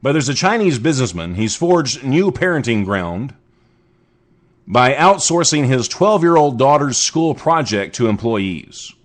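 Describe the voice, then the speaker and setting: Male podcast host, sarcastic, rambling, lively swooping pitch, casual news riffs. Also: unhurried. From United States. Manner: sarcastic, rambling asides with restarts. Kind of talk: casual comedic news commentary.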